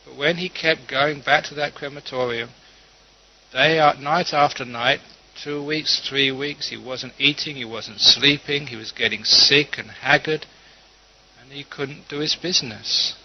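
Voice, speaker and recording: A man, a Buddhist teacher giving a calm, storytelling dharma talk with gentle humor. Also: medium pitch, unhurried. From London. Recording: dull lo-fi recording.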